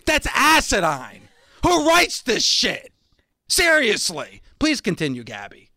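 A man's voice: very high-pitched, huge pitch swings, takes it slowly, bright, forceful tone, no room sound. A man hosting a show, sarcastically mocking a wrestling promo in casual commentary. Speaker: podcast host.

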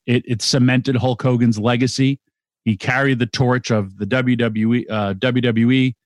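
A middle-aged man co-hosting a casual podcast, talking in an excitable, rambling way with quick restarts. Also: medium pitch, no echo. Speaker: podcast co-host. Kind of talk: casual wrestling chat.

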